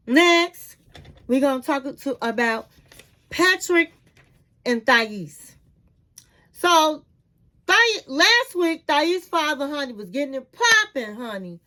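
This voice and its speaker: A middle-aged woman with a high voice recaps a reality TV episode in a chatty, candid way, and often calls the listener "honey." She talks slowly and lingers on her words. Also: sharp tone, low-quality recording. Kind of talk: casual commentary recapping an episode.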